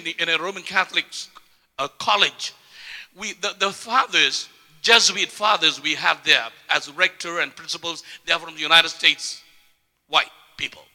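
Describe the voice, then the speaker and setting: Bright gravelly preacher in a reverberant hall. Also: male voice, high-pitched. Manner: impassioned, repeats words, swings from soft to loud. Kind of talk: sermon.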